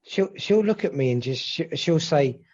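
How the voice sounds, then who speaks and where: A man's voice: fairly high pitch, lively intonation, normal speed, darkish tone. A man co-hosting a podcast in casual chat, rambling and repeating himself, with the odd swear. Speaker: podcast co-host. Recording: slightly dull lo-fi audio.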